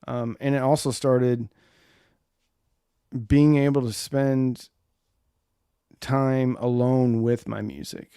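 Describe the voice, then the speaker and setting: A man's voice: medium pitch, fairly even intonation, slow pace, long pauses, mellow, clean tone, no room sound, studio quality. A man in his forties hosting a casual live stream, rambling loosely and answering viewer comments.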